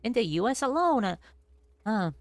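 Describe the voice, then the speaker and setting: A woman's voice: fairly high pitch, very animated, moderate pace, a little mellow, no room sound. A woman streamer chatting casually while playing a game, playfully singing nonsense ditties and rambling about animals. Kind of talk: casual gameplay commentary.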